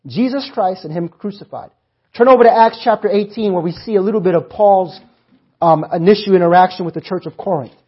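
Husky high-voiced man preaching. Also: brisk, lo-fi sound. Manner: asks the congregation to answer back. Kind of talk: sermon.

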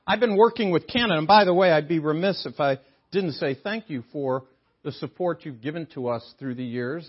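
An older man delivers a sermon in a chapel, swinging his pitch up and down as he jokes with the congregation. His voice is husky, and the recording sounds dull and lo-fi. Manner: animated, joking with the congregation. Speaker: guest preacher. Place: chapel sanctuary.

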